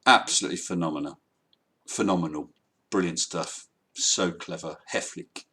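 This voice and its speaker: A man's voice: mid-range voice, expressive, normal speed, a bit bright, slight background noise. A man chatting casually on a live call, hesitant and full of ums and restarts. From England. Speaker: host.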